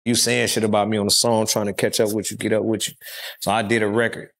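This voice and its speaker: A man as an interview guest, telling stories in a loose, profane, animated way. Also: on the low side, fast talker. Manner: profane, animated storyteller who acts out quotes. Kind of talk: casual interview storytelling.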